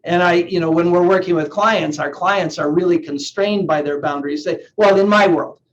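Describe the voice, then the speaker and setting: A man's voice: high voice, normal speed. A man coaching a live online group session, talking earnestly and often repeating words as he thinks aloud. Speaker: NLP coach. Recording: slightly dull lo-fi sound with faint hiss.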